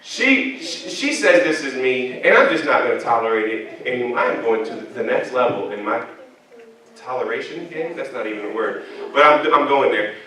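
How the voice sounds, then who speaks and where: A man's voice: mid-range voice, normal speed, slight background noise. A man preaching a sermon as pastor, telling funny stories about himself and bantering with the congregation. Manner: animated, humorous storytelling with congregation banter. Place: church sanctuary. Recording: echoey church hall from a distant mic.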